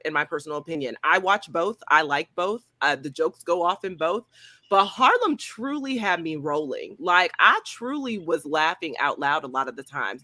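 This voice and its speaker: A woman critic gives her review in a casual roundtable, animated and full of slang. Her voice is bright and forceful. The sound is dry and close. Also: on the low side, no room sound. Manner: animated, slangy, laughs often. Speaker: film and TV critic.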